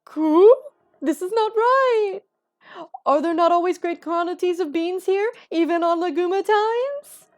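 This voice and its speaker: A brash, simple-minded male pigeon, voiced by a woman squawks his lines much higher than her normal voice, loud and blaring. Faint music runs behind. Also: unhurried. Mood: outraged. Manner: shrill, shouty, outraged. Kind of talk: reading a visual novel aloud.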